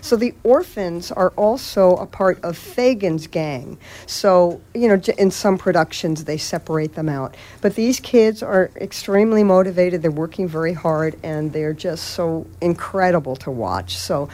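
A woman theater director speaking in a radio interview, in a measured, thoughtful way with some fillers. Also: fairly low pitch, mellow.

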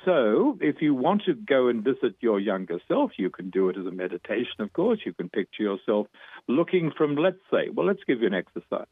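A man with a New York accent, an author and dream teacher, explaining fervently and fast as an interview guest, with frequent restarts. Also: medium pitch, big pitch swings, breathy edge, dry recording. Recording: tinny phone line.

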